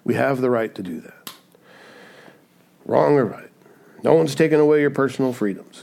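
A man's voice: medium pitch, moderate pace, vocal fry, pauses often, a little mellow. A man preaching a sermon in a conversational way, often asking "right?" and acting out the voices he quotes. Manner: acts out quoted voices in asides. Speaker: pastor.

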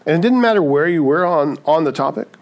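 Pastor, male, slightly high voice, chatty preaching with rhetorical tags. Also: lively intonation, fast talker. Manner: acts out quoted voices. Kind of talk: sermon.

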